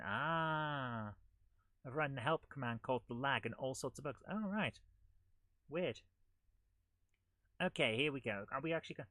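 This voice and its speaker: A man's voice: fairly high pitch, a bit bright, no echo. A man hosting a live gameplay stream, talking in an exasperated, grumbling way as things go wrong.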